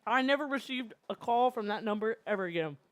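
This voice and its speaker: A streamer chatting casually while drawing, telling animated stories and laughing often. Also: mid-range voice, fast, no room sound.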